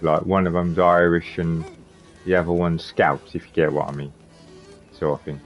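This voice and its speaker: A man's voice: deep voice, steady tone, moderate pace, soft background music. A man streaming a video game live, rambling casually and chatting to his viewers by name. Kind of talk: casual live gameplay commentary. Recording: slightly muffled lo-fi stream audio.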